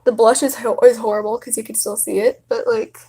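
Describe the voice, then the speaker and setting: A woman's voice: on the high side, flat delivery, brisk, warm tone, slightly rough. A young woman chatting casually and rambling on a home livestream. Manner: chatty and rambling, many fillers. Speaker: livestream host.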